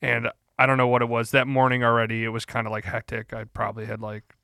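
A young man co-hosting a podcast in casual chat, telling a story in a relaxed, rambling way. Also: mid-range voice, quick pace, vocal fry, smooth, no room sound, clean studio sound. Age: young adult. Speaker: podcast co-host.

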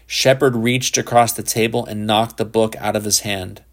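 A man narrating a literary short story in a measured, unhurried reading. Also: on the low side, steady tone, fairly bright tone.

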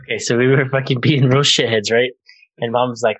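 A man's voice: medium pitch, fairly even intonation, a little fast, fairly bright tone, husky, low-quality recording. A man telling a family story to his siblings in a casual chat, swearing freely and acting out the quotes.

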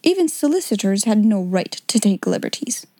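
Mellow-voiced woman reading a story. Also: mid-range voice, sing-song, moderate pace, no echo. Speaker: audiobook narrator. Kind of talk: scripted narration.

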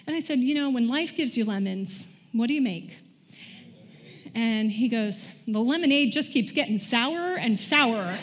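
A woman's voice: fairly high pitch, lively intonation, normal speed. A middle-aged woman preaching a sermon in a conversational way, often asking the congregation questions. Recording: long church hall reverb.

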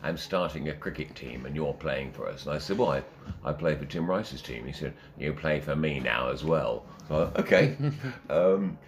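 An older man, a former radio presenter, telling anecdotes lively in an interview and acting out the quotes. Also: very deep voice, moderate pace, few pauses, a little hiss or hum. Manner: animated, acts out quotes and laughs. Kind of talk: anecdotal storytelling.

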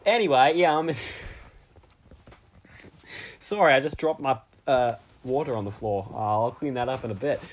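A man playing a cheerful, bumbling Australian bloke on a comedy podcast, with a deliberately bad put-on Australian accent and a rambling way of talking. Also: mid-range voice, lightly acted. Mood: cheery. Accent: put-on Australian, badly done. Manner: cheesy slang, rambling with fillers and restarts. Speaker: podcast guest character.

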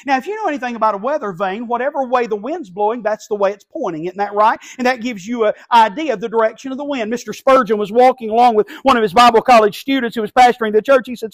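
A man preaching an impassioned sermon from a church pulpit, swinging between hushed lines and shouting. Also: very high voice, quick pace, hardly any pauses. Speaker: pastor.

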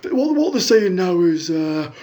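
A man's voice: sits high, very animated, moderate pace, mellow, voice pushed up. A man voicing a brash, crude middle-aged woman calling in to a radio show, rambling and chatty.

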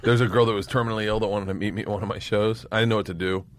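Comedian guy telling stories, swears a lot, cracks up laughing high. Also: fairly even intonation, racing, a little hiss or hum. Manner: profane, breaks into high laughter. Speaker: guest comedian. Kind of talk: storytelling anecdotes.

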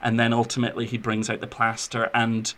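A man's voice: medium pitch, completely flat delivery, fairly quick, bright, forceful tone. A young man co-hosting a podcast, chatting about films in an enthusiastic, rambling way with plenty of fillers. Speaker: podcast co-host. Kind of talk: casual film chat.

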